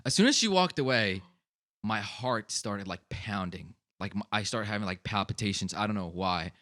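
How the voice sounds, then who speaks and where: A man's voice: lowish voice, animated, moderate pace, fairly bright tone. Rambling young man telling a story. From Long Island, USA. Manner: rambling storyteller, swears a lot, many fillers. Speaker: podcast co-host. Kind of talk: casual chat.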